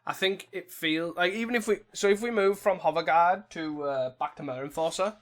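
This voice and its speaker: A man's voice: fairly high pitch, moderate pace. Muttering man narrating his own card game. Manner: muttering, self-critical, exasperated. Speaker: gameplay commentator. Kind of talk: casual live game commentary.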